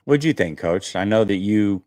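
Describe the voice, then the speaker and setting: A man hosting a casual sports talk show, telling a story with lots of fillers and animated detail. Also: lowish voice, moderate pace, no echo, clean studio sound. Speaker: host.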